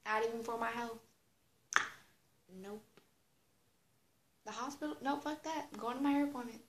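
A teenage girl with a slightly high voice tells a loose, rambling story full of fillers, slang and the odd curse word. Her voice bounces off a roomy, echoey space. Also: moderate pace, a little hiss or hum. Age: teens. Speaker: vlogger. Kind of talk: casual storytime monologue. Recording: roomy echo.

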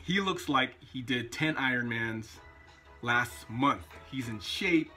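A man's voice: medium pitch, lively intonation, slow pace, pushed and bright, breathy edge, faint music behind. A man vlogging, telling a personal anecdote in a chatty, casual way. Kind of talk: casual storytelling vlog.

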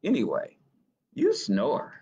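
A man's voice: medium pitch, huge pitch swings, slow pace, warm tone, a little hiss or hum. A man voicing an eager, chatty little boy frog with a childlike lilt, reading a picture book aloud.

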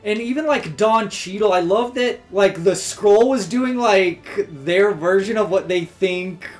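A man's voice: high-pitched, unhurried, faint music behind. A man co-hosting a casual fan chat, enthusiastic and filling his talk with "like". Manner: enthusiastic, full of "like" fillers. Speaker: co-host.

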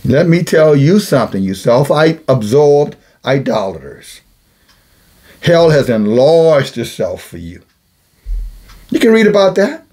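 Calling himself a watchman, this man preaches a rebuking sermon in a slightly high, darkish voice, slow and sing-song. He's blunt and scolding, and he repeats phrases to press his points.

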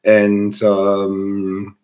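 A hoarse man speaks as a podcast guest. His voice sits a little low and sounds rough from illness. He rambles casually, circling back with ums and restarts. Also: completely flat delivery, extremely slow, a little mellow, a little hiss or hum. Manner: rambling, many fillers and restarts. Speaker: guest musician. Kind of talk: casual interview chat.

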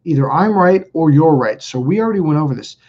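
A man's voice: a little high, lively intonation, quick pace, breathy edge, highs cut off. A man hosting a self-help video, talking casually and acting out quoted dialogue in raised voices. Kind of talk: casual spoken monologue to camera.

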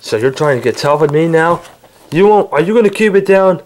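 A man acting out a home-made toy skit, bickering with himself in several voices, jumping between shouted yelps and low grumbles. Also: expressive, brisk.

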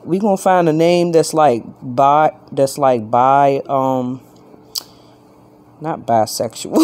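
A woman, vlogging casually from her bed at night in rambling, self-interrupting chatter, switching to a high baby voice when she talks to her pet. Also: darkish tone. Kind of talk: casual late-night vlog.

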